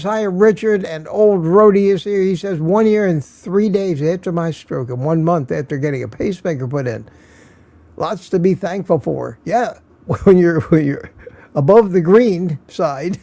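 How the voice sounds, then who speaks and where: A man's voice: on the high side, dark tone, no echo. Tired older man hosting a live stream. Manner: greets viewers by name, chuckling often. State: tired, slightly slurring. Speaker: livestream host. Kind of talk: casual live-stream chat.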